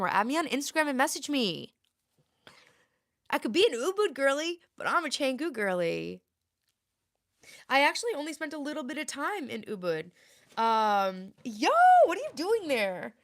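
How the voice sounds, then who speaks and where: A woman's voice: fairly high pitch, very animated, moderate pace, fairly bright tone. A woman in her thirties chatting playfully with viewers on a casual home livestream. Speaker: livestream host. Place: home, indoors.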